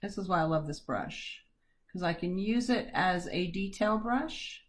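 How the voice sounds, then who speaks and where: A woman's voice: lowish voice, animated, unhurried. A woman teaching a live step-by-step painting lesson from home, chatty and self-deprecating, with corny jokes. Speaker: art teacher.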